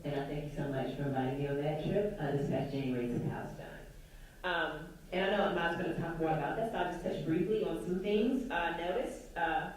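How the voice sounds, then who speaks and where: A woman's voice: low voice, a little fast, far from the mic. Earnest woman speaking in a roomy hall. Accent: Southern American, put on only at moments. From United States. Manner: earnest and emphatic, with rhetorical questions. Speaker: panel speaker. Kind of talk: public talk to an audience. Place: lecture room at a university. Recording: roomy hall with faint ambient noise.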